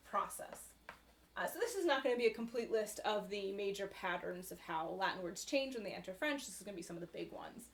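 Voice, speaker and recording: A woman's voice: medium pitch, fairly bright tone. A woman giving a recorded university lecture in a conversational way, with frequent fillers and "right?" tag questions.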